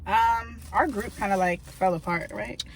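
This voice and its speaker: A woman's voice: medium pitch, a little slow, low-quality recording. A woman in her twenties from Maryland, hosting a casual storytime vlog from a parked car, rambling with lots of fillers. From Maryland, USA. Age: 20s. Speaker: vlogger host.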